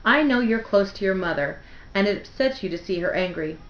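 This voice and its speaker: An elderly grandmother with a drawling Southern accent speaks in a dry, arch way, brisk and sharp when crossed, as a woman reading a novel aloud puts her on. The recording is roomy and a little dull. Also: medium pitch, lively intonation, close to an everyday voice. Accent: Southern American, put on.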